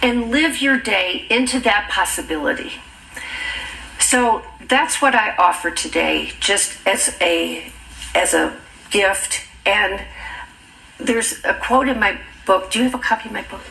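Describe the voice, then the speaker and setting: A woman author giving an encouraging, inspirational talk to an audience, slowing down on key words. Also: medium pitch, expressive, gravelly, pushed and bright, roomy sound, poor audio. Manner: earnest, encouraging, stretching key words slowly. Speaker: motivational speaker and author.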